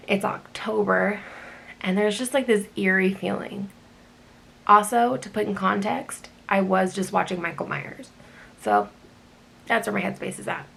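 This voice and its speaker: A woman, an emergency medical worker, casually retelling a night shift with many ums and animated delivery. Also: medium pitch, creaky. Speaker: EMT telling a work story. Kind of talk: casual storytelling.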